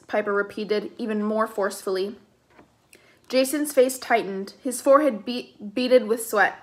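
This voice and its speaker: A woman reads a novel aloud in a plain, steady narration, now and then stepping aside to comment casually. Her voice sits slightly higher than most. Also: normal speed. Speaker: reader.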